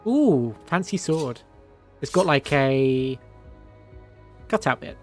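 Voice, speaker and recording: A man's voice: medium pitch, lively intonation, takes it slowly, faint music behind. Chatty man streaming a game. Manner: chatty, laughs often. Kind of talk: game commentary.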